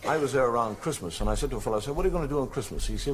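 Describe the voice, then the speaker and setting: A man's voice: medium pitch, animated, very fast, hardly any pauses. An older man doing stand-up, telling rambling, wry anecdotes and putting on quoted voices. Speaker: stand-up comedian. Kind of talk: stand-up storytelling. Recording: noisy stage recording.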